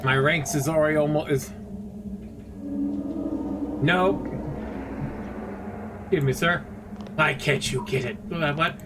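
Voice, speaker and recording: A man's voice: on the high side, slow pace, long pauses. A man streaming a game, chatting casually, reading game text aloud and swearing bluntly. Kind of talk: casual gameplay commentary. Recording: steady background noise.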